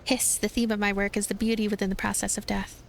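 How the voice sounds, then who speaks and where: A man's voice: high voice, level tone, fast, gravelly, rough recording. A woman voicing a creepy male iguana artist in prison, who hisses and speaks with unsettling politeness. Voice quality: hissing.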